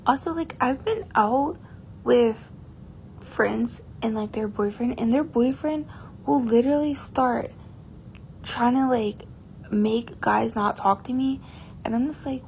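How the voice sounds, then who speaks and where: Teen girl vlogger, fairly high pitch, vocal fry, chatty and exasperated, faint hiss behind. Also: a little slow. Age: teens. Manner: chatty, exasperated, heavy use of "like". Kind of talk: casual storytime vlog.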